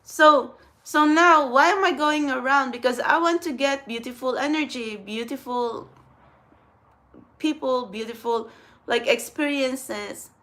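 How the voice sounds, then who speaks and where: A young woman with a high-pitched, bright, forceful voice speaks a little slowly as she addresses her viewers in a get-ready-with-me vlog. The spiritual channel host is blunt and rambling, cursing often.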